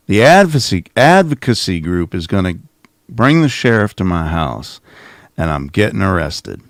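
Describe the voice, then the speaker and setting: A man's voice: low-pitched, sing-song, moderate pace, no echo, clean studio sound. A man hosting a video that reacts to clips, mocking and sarcastic, often restarting his sentences. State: coughing. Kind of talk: casual commentary.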